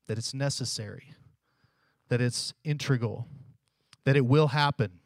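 Conversational preacher with a higher male voice. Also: no echo. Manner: conversational teaching, acts out Bible dialogue, repeats questions for emphasis. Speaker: pastor. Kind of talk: sermon.

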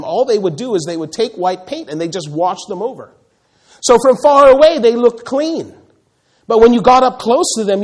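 A male pastor preaching a sermon in an animated way, acting out the voices he quotes and repeating words as he builds a point. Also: high voice, slightly rough.

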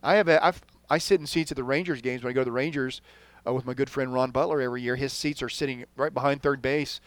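A man from Texas co-hosting a casual sports podcast, rambling through points and trailing off quietly at the ends of sentences. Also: mid-range voice, steady tone, quick pace, no room sound. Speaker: podcast co-host.

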